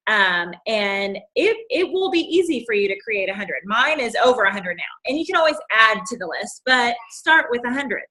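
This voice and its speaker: A woman's voice: on the high side, sing-song, moderate pace, few pauses, pushed and bright. A woman with a Southern US accent, co-hosting a casual chat, talking in a chatty way full of fillers and restarts. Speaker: co-host.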